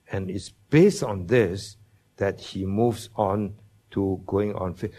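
Here a man with a mid-range, darkish voice gives a Bible lesson as a sermon. He speaks in a slow, deliberate way, hits the quoted promises emphatically, and questions those listening.

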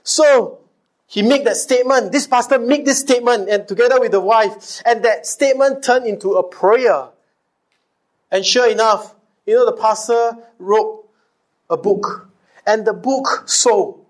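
A man with a high, bright-toned voice delivers a sermon. He keeps turning to the congregation with rhetorical questions and call-and-response, and he hammers key phrases by repeating them. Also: measured pace. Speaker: pastor.

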